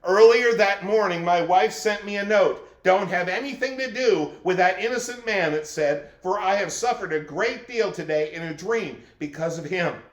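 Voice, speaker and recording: A man's voice: sits high, moderate pace, few pauses, natural voice. A man playing a fearful Roman governor, voicing an anguished inner monologue in a dramatic first-person portrayal. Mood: troubled. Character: anxious male Roman governor, torn and fearful. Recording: echoey room.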